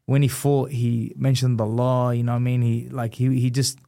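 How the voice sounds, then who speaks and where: A man's voice: mid-range voice, moderate pace, gravelly. A man, a former boxer telling his story in a casual interview and acting out the voices in it. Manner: animated, acts out quoted voices.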